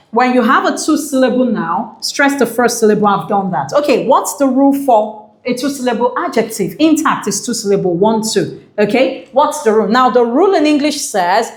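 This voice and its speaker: A woman's voice: fairly high pitch, roomy sound. A woman teaching English for an exam, enthusiastic and repeating key phrases while asking the viewer questions. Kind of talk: exam prep lesson.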